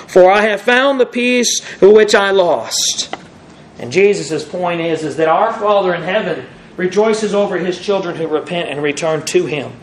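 A man preaching a sermon, reading scripture aloud and acting out the quoted lines with big swings in his voice, now and then correcting his own slips. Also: rough recording. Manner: animated, acts out the quoted lines with pitch swings; self-correcting, apologizes for slips.

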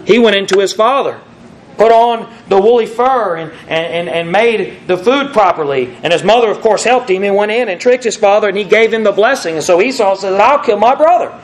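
A man's voice: brisk, rough recording. A man preaching a sermon, reading scripture aloud and acting out the quoted lines with big swings in his voice, now and then correcting his own slips. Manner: animated, acts out the quoted lines with pitch swings; self-correcting, apologizes for slips.

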